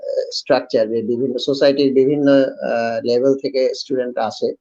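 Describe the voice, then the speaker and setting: A man from Bangladesh puts a question to his teacher in a rapid, hesitant rush. His tone is mellow and the recording sounds muffled. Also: medium pitch, flat delivery. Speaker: student interviewer. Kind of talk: asking questions.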